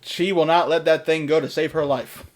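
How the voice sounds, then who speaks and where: A man's voice: a little high, fairly even intonation, moderate pace. A young adult man hosting a stream, telling stories in casual chat and laughing often. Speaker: streamer host.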